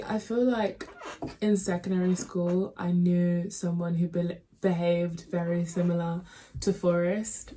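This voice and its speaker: A woman's voice: fairly low pitch, little pitch movement, a little slow, dark tone, slight background noise. A young woman hosting a movie reaction, chatting with emotion and a lot of filler words. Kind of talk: casual reaction commentary.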